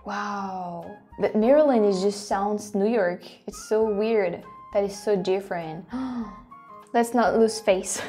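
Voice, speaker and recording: A French woman hosting and reacting aloud, animated and quick to exclaim and laugh. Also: medium pitch, soft background music. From France. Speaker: host. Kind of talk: casual reaction commentary.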